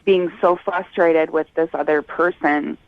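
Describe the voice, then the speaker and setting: Over a dull phone line, a woman calls in to radio hosts, speaking hesitantly and politely with nervous laughs. Her voice sits low and steady, a little slow, with no room sound.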